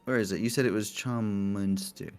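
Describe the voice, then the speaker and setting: A man running a tabletop game as game master, talking casually, laughing often and filling pauses with "uh" and "like". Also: lowish voice, fairly even intonation, clear, resonant tone, faint music behind. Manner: chatty, laughing, many fillers.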